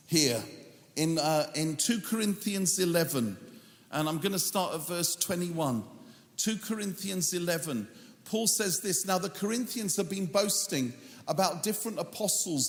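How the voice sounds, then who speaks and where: A male preacher reading scripture in a slow, measured way, breaking in with humorous asides. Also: sits high, animated. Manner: reads scripture in a measured, drawn-out cadence. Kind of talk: sermon. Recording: echoey hall with long reverb.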